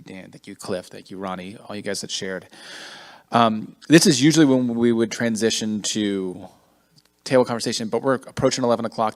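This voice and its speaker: A man in his forties leading a men's ministry gathering, talking in a sincere, self-deprecating way. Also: fairly low pitch. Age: 40s. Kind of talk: casual group talk.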